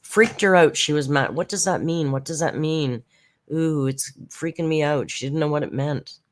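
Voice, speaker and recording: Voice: medium pitch, moderate pace. A commentary channel host recapping a livestream in a chatty, sarcastic tone, with mocking asides.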